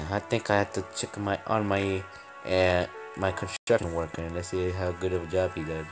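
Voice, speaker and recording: A man's voice: low voice, flat delivery, moderate pace, soft background music. A young man casually commenting on his building game, playful and rambling, making up silly stories. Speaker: game channel host.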